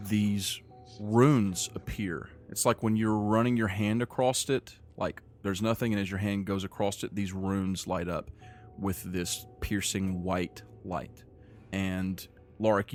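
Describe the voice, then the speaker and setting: A man narrating as game master of a tabletop game, describing scenes in a measured way with frequent restarts. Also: fairly low pitch, steady tone, a little mellow, soft background music.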